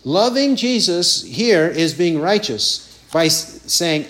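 Emphatic high-voiced man preaching slowly. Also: sing-song, a bit bright. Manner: emphatic, repeats phrases, mimics taunting voices. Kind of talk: sermon.

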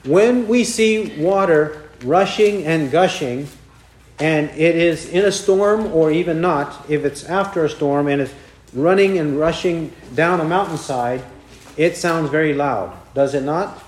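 A man delivering a sermon in a slightly high voice, taking his time over every phrase. He reads scripture deliberately and pauses often. The sound carries an echo from the room around him. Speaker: pastor.

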